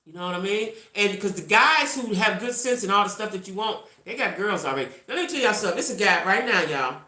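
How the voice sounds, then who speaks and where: A woman of about sixty talks straight to her viewers in a blunt, salty manner, hammering points home by repeating them. Her voice is bright and forceful, and her pitch swings widely. The sound carries a roomy echo. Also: expressive, fast. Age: around 60. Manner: reacts to live chat. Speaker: vlogger. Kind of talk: casual storytelling to viewers.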